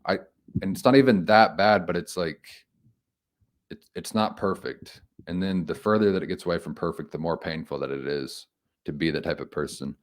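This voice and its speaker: A man giving an informal Bible commentary, reflective and halting, thinking aloud with frequent restarts. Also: low-pitched. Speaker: homily speaker.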